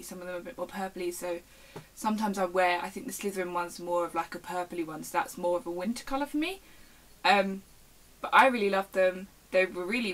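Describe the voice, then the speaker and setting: A woman's voice: fairly low pitch, poor audio. A young woman, chatting casually to the camera at home in a rambling, self-interrupting way. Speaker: vlogger. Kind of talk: casual show-and-tell chat.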